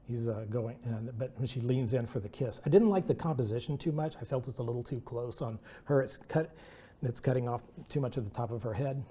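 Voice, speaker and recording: A man's voice: mid-range voice, fairly quick, mellow, breathy edge. A man giving a casual artist talk, rambling and self-deprecating, full of restarts and asides. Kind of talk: presentation talk with anecdotes.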